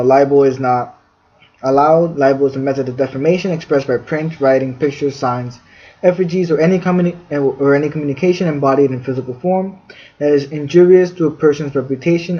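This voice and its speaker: On a dull, lo-fi recording, a man with a fairly high, warm voice hosts a podcast and reads facts from a fact sheet. His delivery of the definitions is heavy with fillers.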